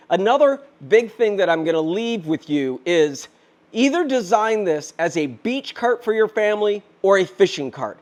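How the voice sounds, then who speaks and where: A fifty-year-old man rushing through a casual DIY vlog, a bit out of breath as he lifts the cart while he talks. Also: high voice. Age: 50s. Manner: rushed and chatty, talking while lifting and handling the cart. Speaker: DIY maker and channel host.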